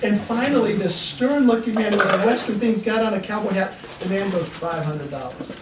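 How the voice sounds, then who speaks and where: A man's voice: high voice, steady tone, brisk. A middle-aged man and pastor telling homespun stories at a seminar, often chuckling as he goes. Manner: folksy, chuckling storyteller. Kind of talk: storytelling seminar talk. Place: seminar room. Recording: echoey room from a distance, noisy.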